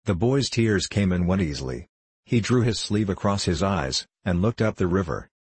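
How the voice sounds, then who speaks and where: A man narrating a novel aloud in a measured, unhurried storytelling manner. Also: low voice, animated, breathy edge, dry recording. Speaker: audiobook narrator.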